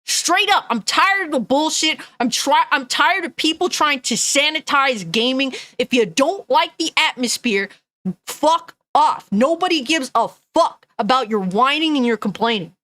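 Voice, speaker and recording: A woman's voice: high voice, lively intonation, unhurried, a bit bright, no echo. A woman gaming news streamer ranting angrily and bluntly, swearing often and reading chat comments aloud. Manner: angry, profane, blunt.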